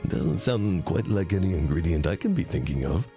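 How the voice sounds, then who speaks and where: A man voicing a calm, wise old forest keeper in a video game, speaking slowly and gently in a lowered voice. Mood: gentle. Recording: faint background game music.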